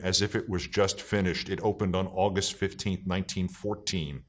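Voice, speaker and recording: A man delivering scripted political commentary, emphatic and scornful, slowing down to stress key words. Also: lowish voice, fairly even intonation.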